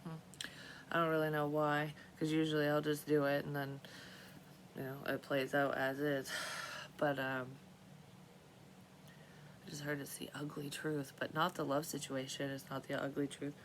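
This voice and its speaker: Woman w/ a deep voice going a bit hoarse, rambly tarot vlog chat, swears casually, faint hum behind. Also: monotone, normal speed, long pauses, poor audio. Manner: rambling, profane, self-interrupting. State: losing her voice, clearing throat and coughing. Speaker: tarot reader vlogger.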